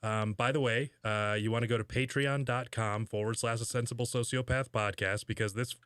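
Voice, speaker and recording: A man's voice: mid-range voice, steady tone, fairly quick, fairly bright tone, clear, resonant tone, no echo. Sarcastic jokey man, dry close mic. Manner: sarcastic, jokey, laughs often, mock outrage. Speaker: podcast co-host. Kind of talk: casual comedic chat.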